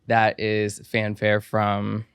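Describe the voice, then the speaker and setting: A man's voice: lowish voice, monotone, extremely slow, fairly bright tone, smooth, no room sound, clean studio sound. A man from the Washington, D.C. area hosting a podcast with playful, campy, profane banter. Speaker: podcast host. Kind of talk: casual podcast chat.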